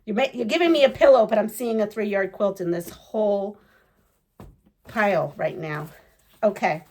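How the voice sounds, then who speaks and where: Woman, casual unboxing chat, gushing, gasps and giggles, rambling with fillers, mid-pitched voice. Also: moderate pace, darkish tone. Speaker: quilting vlogger.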